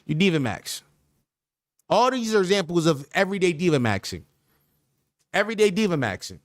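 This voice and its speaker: A man's voice: sits high, sing-song, a little fast, no echo. A man hosting a podcast stream in casual chat, riffing with slang in a repetitive, joking, mock-sincere way. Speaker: podcast host.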